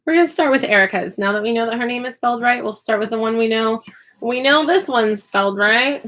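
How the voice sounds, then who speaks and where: A woman chats on a live stream as she works on a craft project. She is chatty, apologizes often and pokes fun at herself. Her voice sits a little high and sounds bright and forceful. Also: brisk. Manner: chatty, apologetic, self-deprecating. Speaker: online English teacher and YouTuber.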